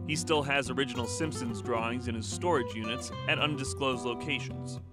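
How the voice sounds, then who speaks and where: Man, documentary narrator, scripted, measured storytelling delivery, loud guitar backing. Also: medium pitch. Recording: narration over loud music.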